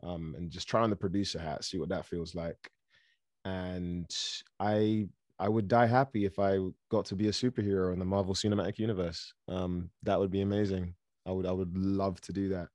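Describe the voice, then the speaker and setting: An easygoing man speaks as an actor guest in a casual interview. His voice is very deep, and he stammers lightly as he talks in a relaxed way. The sound is dry and close. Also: brisk, dry recording.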